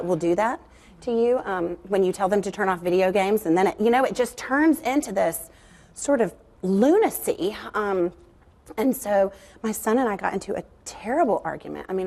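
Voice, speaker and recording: A woman's voice: mid-range voice, expressive, normal speed, darkish tone. A woman, a guest author, talking candidly about faith and family in an earnest, confiding way with frequent fillers.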